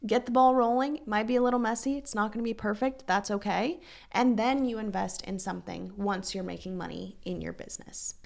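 A young adult woman, a podcast host and business coach, talks briskly in a mid-range, steady, slightly mellow voice that is creaky and keeps cracking. Her casual solo podcast is earnest, chatty, and encouraging, with frequent fillers.

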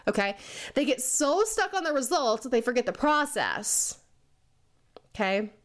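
Leadership coach, woman, casual talk, fairly high voice, laughs a lot, puts on goofy voices now and then. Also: big pitch swings, measured pace. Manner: chatty, laughs often, puts on silly voices for people she mocks; says "okay?" and "right?" a lot.

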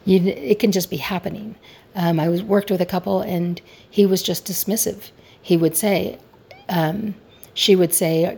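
A woman's voice: on the low side, creaky, a little mellow, slightly rough. A middle-aged woman talking candidly and reflectively about her marriage as a coach sharing advice, often poking fun at herself. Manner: candid, reflective, self-deprecating. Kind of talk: personal advice talk.

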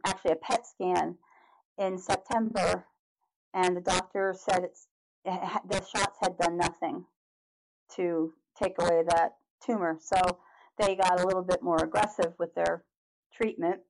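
Animated middle-aged woman telling her story. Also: lowish voice, vocal fry, rough recording. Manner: animated, halting with restarts and acted-out reactions. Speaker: podcast guest. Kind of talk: personal storytelling. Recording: noticeable background noise.

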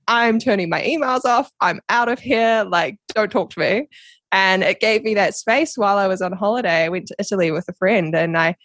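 Animated young New Zealand woman. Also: lowish voice, no room sound. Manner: animated, laughs often, acts out quoted voices. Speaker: guest. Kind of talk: casual storytelling interview.

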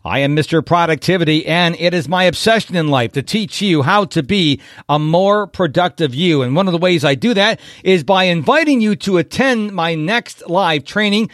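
A man's voice: high-pitched, animated, moderate pace, few pauses, a bit bright, dry recording, clean studio sound. A man from upstate New York hosting a podcast, chatty and upbeat as he interviews a guest. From Rochester, New York. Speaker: podcast host.

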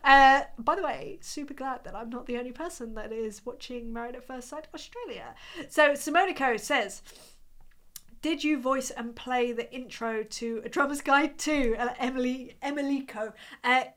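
A woman's voice: high-pitched, normal speed, a bit bright. A woman, hosting a casual livestream and chatting as she reads out viewer comments. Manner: chatty, apologetic and rambling, with frequent restarts and laughs. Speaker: livestream host reading chat. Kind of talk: casual chat.

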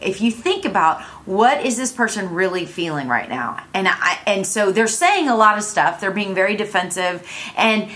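A woman co-hosting a casual podcast, giving relationship advice in an animated way and acting out the phrases she quotes. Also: mid-range voice, normal speed.

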